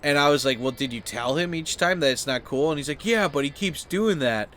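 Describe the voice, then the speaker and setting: A man's voice: lively intonation, brisk, a little hiss or hum. A man, host of his channel, telling a story as a casual rant, full of "like" and fillers and acting out the people he quotes. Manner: rambling, heavy use of "like" and fillers; acts out quoted people with sudden high, loud outbursts.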